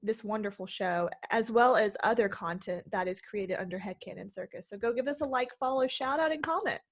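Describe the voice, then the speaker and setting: A woman's voice: medium pitch, a little fast. A woman co-hosting a casual podcast, bubbly and enthusiastic as she chats. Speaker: podcast co-host.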